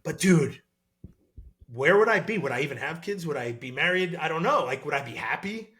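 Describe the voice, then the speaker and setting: A man in his thirties, a former college football player, talking as a podcast guest in an animated, excitable way with lots of fillers. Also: on the high side, a little fast. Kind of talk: casual podcast interview.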